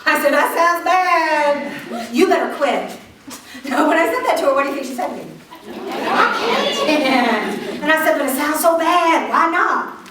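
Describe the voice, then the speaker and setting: A woman with a fairly high voice tells funny stories as a motivational speaker, laughing and acting out what people said. She sounds far from the mic in a big, booming hall. An audience murmurs and noise runs underneath. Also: normal speed, a crowd in the background. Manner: animated storytelling with frequent laughs and acted-out quotes. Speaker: keynote speaker. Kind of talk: humorous motivational talk to a live audience. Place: large hall with a live audience.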